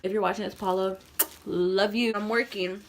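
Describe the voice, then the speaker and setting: A young woman telling a dramatic storytime vlog, animated and full of quoted voices. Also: medium pitch, moderate pace. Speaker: vlogger.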